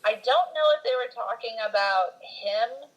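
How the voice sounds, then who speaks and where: A podcast co-host chatting casually about a film, telling anecdotes in a lively way. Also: mid-range voice, normal speed, poor audio. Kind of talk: casual movie review chat.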